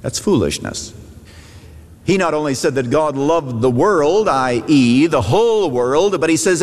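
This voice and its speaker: A middle-aged man, a pastor, preaching a sermon with emphatic rises and falls in pitch. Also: lively intonation, measured pace. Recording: long hall reverb.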